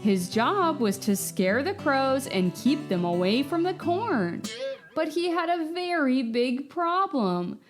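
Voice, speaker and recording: Bedtime-story narrator, female; high, animated, unhurried, with music beneath. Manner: expressive, storytelling. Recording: background music.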